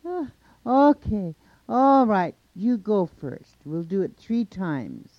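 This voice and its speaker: A man voicing a huge, greedy, boastful male monster who blusters in a loud, raised voice in a spoken folk tale. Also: sits high, wildly swooping pitch, a little slow, vocal fry, husky, no room sound, pitched above the performer's own voice, heavily acted. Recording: dull lo-fi recording.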